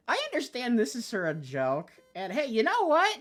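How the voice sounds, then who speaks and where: Laughy sarcastic woman talking over her screen, high-ish voice that swoops all over. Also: huge pitch swings, fairly quick. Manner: giggly, incredulous and sarcastic. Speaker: tech video creator. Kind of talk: casual screen-recording commentary.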